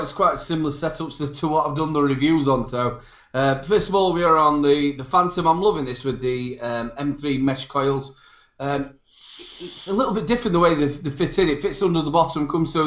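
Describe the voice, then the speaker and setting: A chatty man co-hosting a live stream, rambling easily about his setup. His voice sits a bit high for a man and rings in an echoey, bathroom-like room, and the sound is slightly muffled. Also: lively intonation, fairly quick, a bit bright. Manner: chatty, rambling product talk. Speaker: co-host. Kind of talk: casual live-stream chat.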